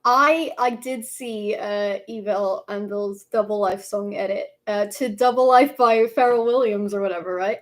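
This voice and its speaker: A woman's voice: mid-range voice, unhurried, few pauses. A young woman streaming live in casual chat, playful and laughing often.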